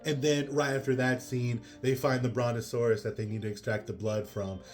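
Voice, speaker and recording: A man's voice: mid-range voice, little pitch movement, a little fast. Man, casual movie review, rambling, filler-heavy, exasperated, faint guitar music.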